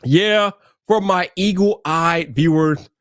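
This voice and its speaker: A man with a notably high-pitched voice hosts a relaxed tech livestream, talking in a loose, slangy, hype-man way. His voice comes across dry and close, with no room sound around it. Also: normal speed, no room sound. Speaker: livestream host. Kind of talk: casual tech livestream chat. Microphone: streaming setup mic.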